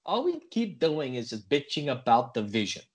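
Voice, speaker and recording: Husky guy on a podcast, teasing and playful, voice bounces around a lot. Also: medium pitch, sing-song, moderate pace. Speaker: podcast co-host. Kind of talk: casual podcast banter.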